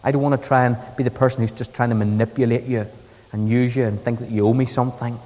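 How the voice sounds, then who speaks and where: A man's voice: mid-range voice, fairly even intonation, fast talker, darkish tone, long reverb tail. A man preaching a sermon, retelling the scripture in a conversational, storytelling way. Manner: conversational storytelling, paraphrasing scripture in everyday speech. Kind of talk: expository sermon.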